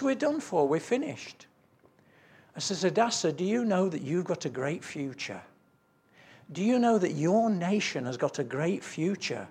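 A man's voice: sits high, breathy edge. A man preaching a sermon, earnestly telling stories with quoted dialogue and reading scripture aloud.

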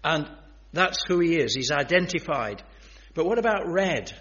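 A man's voice: a little high, animated, normal speed, a bit bright. A man preaching a sermon in an earnest, emphatic way, speaking straight to his listeners. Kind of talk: sermon on biblical prophecy. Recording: dull lo-fi sermon recording.

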